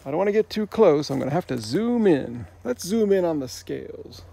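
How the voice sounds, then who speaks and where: Chatty man with a gravelly voice. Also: a little high, big pitch swings, a little fast, warm tone, slight background noise. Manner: chatty, wry and self-mocking. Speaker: travel vlogger. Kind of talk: casual travel vlog narration. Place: outdoors by a swamp.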